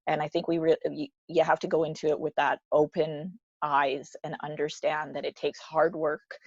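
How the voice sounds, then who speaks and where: A middle-aged woman being interviewed in a casual chat, frank and quick to answer, often laughing. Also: low-pitched, level tone, gravelly, dry recording, highs cut off. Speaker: interview guest, business leader.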